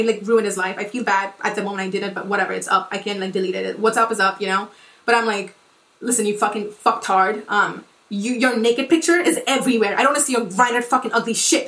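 A young woman in her twenties talks fast and heated, full of swearing and filler words, in a fairly high voice. She sounds like a podcast host venting to her listeners. The room is echoey. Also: fairly bright tone. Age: 20s. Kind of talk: casual monologue.

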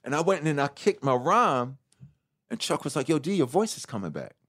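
A middle-aged man speaks candidly in an interview, his voice sitting a little higher than most men's. He tells his story with energy, swears freely, and slips into the voices of the people he quotes. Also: a little fast. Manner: animated, swearing, acts out quotes. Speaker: guest.

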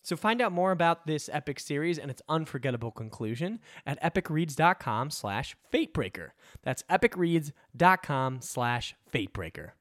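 A man's voice: fairly high pitch, very animated, normal speed, few pauses, fairly bright tone, dry recording, clean studio sound. A man, the show's host, reading sponsor ads with an upbeat, emphatic delivery. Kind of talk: ad read.

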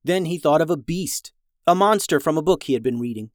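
A narrator reading a children's storybook aloud, lively, shifting voices for each character. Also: mid-range voice, fairly quick, dry recording, studio quality.

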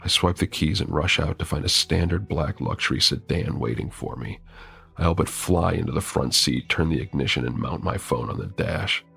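A man's voice: very deep voice, moderate pace, vocal fry, a bit bright, slightly rough. A man narrating a first-person horror story with wry, dramatic delivery.

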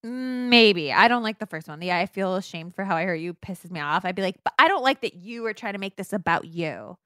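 A woman co-hosting a chat podcast talks in a lively, joking way and often acts out sarcastic apologies. Her voice sits at a middle pitch. The recording is dry and close, with no room sound. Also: a little fast, no echo. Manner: animated, jokey, quotes mock apologies. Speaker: podcast co-host. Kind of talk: casual chat.

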